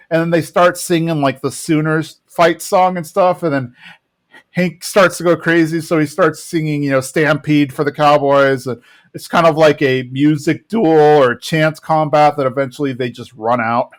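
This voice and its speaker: A man co-hosting a podcast, casually retelling a cartoon episode in a chatty, rambling way, with fillers and quick quoted lines. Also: fairly high pitch, fairly even intonation. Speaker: podcast co-host.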